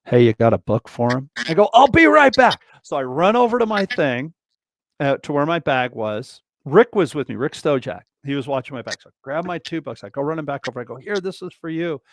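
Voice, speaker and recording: A man's voice: on the high side, a little fast, no room sound. A man, a guest drummer, telling stories in a casual interview, rambling and acting out other people's lines. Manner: animated, acts out other people's lines in a raised voice; rambling, many restarts and fillers. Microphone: video call livestream mic.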